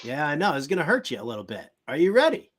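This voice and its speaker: A man hosts a casual sports talk show with a fairly high voice. He teases his guest in a playful, game-show manner. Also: huge pitch swings, fast talker, fairly bright tone. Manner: playful, teasing, game-show style quizzing.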